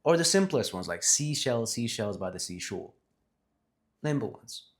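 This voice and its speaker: A man's voice: on the low side, very animated, moderate pace. A man talking casually to a camera about communication, rambling and correcting himself as he goes, with emphatic stresses. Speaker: vlogger on communication skills. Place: seated in front of a camera.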